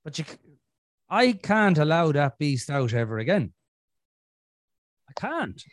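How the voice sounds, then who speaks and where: A man's voice: a little high, big pitch swings, unhurried, no room sound, clean studio sound. An Irish man hosting a podcast, talking bluntly with lots of swearing and jokes, and acting out his own inner voice. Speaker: podcast host. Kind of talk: casual podcast chat.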